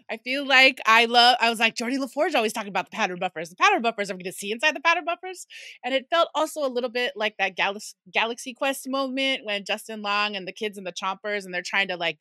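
A woman's voice: mid-range voice, dry recording, studio quality. A woman hosting a fan podcast who leads the segments and encourages the others with frequent affirmations. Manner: warm moderator, many affirming mm-hmms. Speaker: podcast host. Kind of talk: casual chat.

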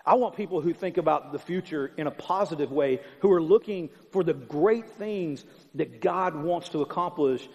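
Pastor, male, higher-pitched, punchy repetitive sermon delivery in a reverberant church hall. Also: normal speed, few pauses, darkish tone. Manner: emphatic, conversational preaching with repetition. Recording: long hall reverb, dull sound.

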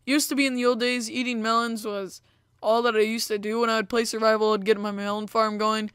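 Young female let's-play host, rambling casual commentary, slightly high voice, dry close sound. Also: flat delivery, a little fast, a bit bright, clear, resonant tone, no echo. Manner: chatty, rambling, many fillers like "like" and "you know". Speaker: gaming video host.

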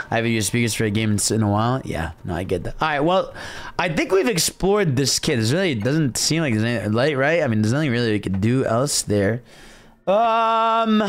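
Chatty young man streaming a game. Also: mid-range voice. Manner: chatty, hyped, hums and cheers to himself. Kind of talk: casual gameplay commentary. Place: his own room.

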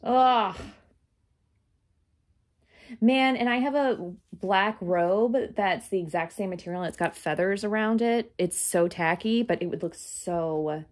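A woman chats casually with her viewers while handling vintage clothes. She speaks to them directly, dropping quick apologies and asides at a middling pitch. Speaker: shop host showing vintage clothes. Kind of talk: casual chat.

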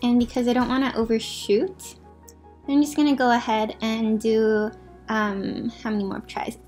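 A young woman with a slightly high voice chats casually as she walks through a game. She gushes, apologizes in asides and rambles on, with faint music playing underneath. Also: steady tone, moderate pace. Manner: chatty, apologetic asides, gushing about outfits. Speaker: gaming video host. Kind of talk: casual gameplay commentary. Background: faint background music.

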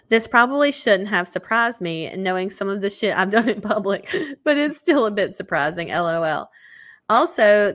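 A woman co-hosts a casual podcast, talking frankly and swearing freely as she reads listener emails. Her voice has a bright, forward tone. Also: mid-range voice.

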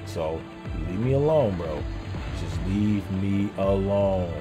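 A young man streaming a video game, loudly and excitedly talking back to the characters on screen in casual, swearing slang. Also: on the low side, unhurried, faint music behind. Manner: loud, animated, talks to game characters. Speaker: gameplay streamer. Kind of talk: excited gameplay commentary.

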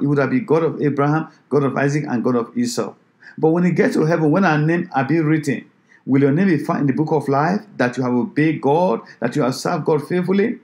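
A man's voice: on the high side, a little fast, a little mellow. A man preaching a sermon who exhorts his listeners with repeated rhetorical questions.

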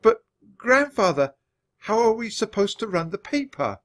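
A man voicing a nervous, fussy male mouse editor, squeaky and flustered, pitched well above his own voice. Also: sing-song, measured pace. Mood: alarmed.

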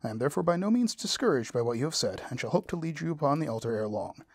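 A man reading the lines of a pompous, self-satisfied male clergyman proposing marriage, in a husky voice. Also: on the high side, lively intonation, racing, a little mellow, dry recording. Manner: long-winded formal proposal, read aloud.

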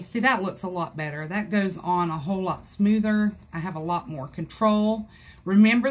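A woman hosting a live craft tutorial from her home craft room, chatting folksily with viewers as she works. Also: medium pitch. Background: dogs scratching in another room.

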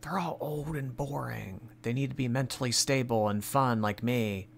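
A man's voice: medium pitch, moderate pace, vocal fry, a little hiss or hum. Sarcastic male commentary host. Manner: sarcastic, mocking. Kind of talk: reaction commentary.

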